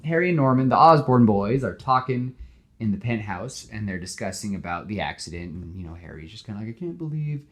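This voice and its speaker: A man hosting a podcast, animatedly retelling his movie pitch with lots of "like" fillers and acted-out dialogue. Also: a little fast. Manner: animated storyteller, full of "like" fillers, acts out dialogue. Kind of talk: casual retelling of a film pitch.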